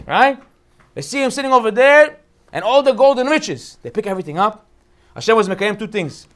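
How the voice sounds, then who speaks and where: A rabbi teaches the weekly Torah portion, telling the story with animation and acting out quotes with jokes. His voice sits high and he talks fast.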